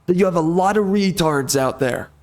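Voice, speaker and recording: A man's voice: sits high, normal speed, darkish tone. A man giving casual gameplay commentary as a video creator, ranting in frustration with frequent mild cursing.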